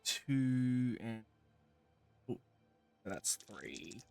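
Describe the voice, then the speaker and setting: A man's voice: mid-range voice, lively intonation, very slow, creaky, darkish tone, clean tone, faint music behind. A man playing a tabletop game, chatting casually and giggling often. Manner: giggly and playful. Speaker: player.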